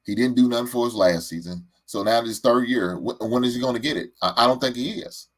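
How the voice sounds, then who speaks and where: A sports podcast host with a mid-range voice rants heatedly and fairly quickly about his team. He stammers and repeats words as he goes.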